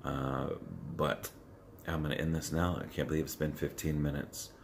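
A man vlogging to his camera in the morning with a scratchy, unwarmed voice, talking earnestly and haltingly, full of fillers and restarts. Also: extremely low pitch, level tone. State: morning voice before tea or water. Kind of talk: rambling motivational vlog to camera. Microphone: phone camera held close to the face.

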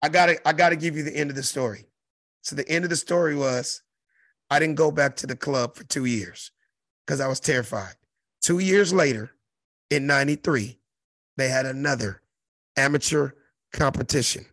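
A middle-aged man from South Central Los Angeles spins a profane stage story with a high, gravelly voice. He leans hard on every word and acts out the crowd around him. The sound is dry and close. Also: normal speed, pauses often, a bit bright, no room sound. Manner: profane, emphatic, mimics crowd noises. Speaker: interview guest, comedian. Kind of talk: animated storytelling.

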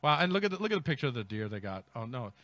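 A man hosting a comic news segment, his voice swinging widely in pitch. The tone is bright and sharp, recorded dry and close. He reads headlines, then mocks them in loose riffs. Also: very animated, very fast, no room sound. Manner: mocking, riffing, reads then ad-libs. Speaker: comedy news host. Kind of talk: comic commentary on news stories.

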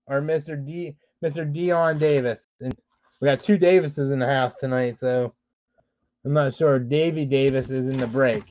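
A man with a steady, darkish, mid-range voice hosts a live-streamed card break at a moderate pace, calling out player names as he opens packs. He explains the shipping rules to viewers and admits he's frustrated. The audio is dull, lo-fi, and dry.

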